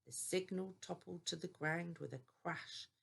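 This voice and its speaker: An older woman reading a children's bedtime story aloud in a gentle, deliberate way. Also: lowish voice, steady tone, creaky, breathy edge.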